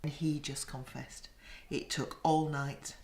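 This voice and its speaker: Older woman with a gravelly low voice. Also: level tone, slow, a little mellow, slight background noise. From Yorkshire. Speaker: documentary interviewee. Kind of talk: recollection in an interview.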